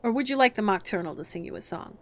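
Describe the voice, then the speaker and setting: Bossy impatient storybook gryphon, voiced by a woman, loud, brisk, commanding. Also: medium pitch, lively intonation, lightly acted. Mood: gruff.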